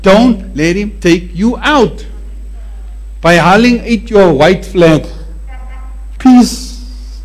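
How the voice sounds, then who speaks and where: A man preaching a sermon with animated emphasis, often repeating words to drive a point home. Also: sits high, takes it slowly.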